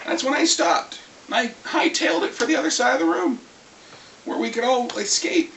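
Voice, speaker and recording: High, animated voice recounting a tabletop game. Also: moderate pace, gravelly. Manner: animated, rambling, lively storytelling. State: getting over a cold, clearing throat. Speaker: vlogger. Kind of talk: casual storytelling rant. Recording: echoey room, far from mic, faint hiss.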